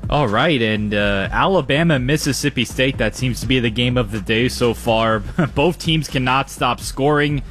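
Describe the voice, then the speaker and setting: A man's voice: mid-range voice, moderate pace, few pauses, a bit bright, soft background music. New York–accented scores update man. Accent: New York–New Jersey. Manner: loose, ad-libbed, hesitant delivery.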